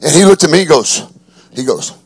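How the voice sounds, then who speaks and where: Man, pastor delivering an animated, shouting sermon; gravelly fry, dry close mic. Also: on the high side, fairly quick, no echo. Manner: animated storytelling preacher, rising to fervent shouts.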